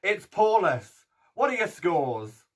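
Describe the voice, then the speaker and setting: A man's voice: sits high, sing-song, takes it slowly. A man hosting a live contest show, camp and theatrical as he links segments. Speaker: host.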